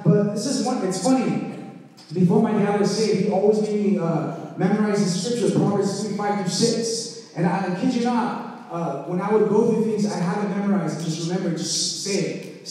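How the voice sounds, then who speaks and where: A man's voice: high voice, dark tone. A man giving a testimony at church, talking conversationally and asking "right?" often. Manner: conversational preaching, frequent "right?" asides. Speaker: church speaker sharing testimony. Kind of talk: preaching testimony. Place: church sanctuary. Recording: echoey hall heard from far off.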